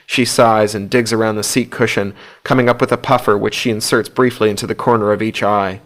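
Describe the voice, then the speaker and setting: A man narrating an audiobook in a steady, low-key storytelling voice. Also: fairly quick, hardly any pauses. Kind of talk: scripted narration.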